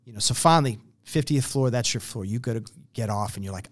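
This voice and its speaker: A man's voice: medium pitch, expressive, fast, hardly any pauses. A man in a conversational interview, explaining his program earnestly, telling stories and acting out quotes along the way. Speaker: program founder.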